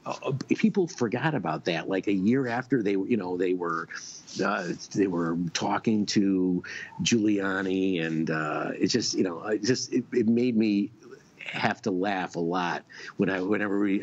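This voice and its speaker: A man's voice: low-pitched, unhurried, a little hiss or hum. A man guesting on a casual radio show, telling long stories with many restarts and fillers. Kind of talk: casual radio chat, storytelling. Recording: dull lo-fi stream audio.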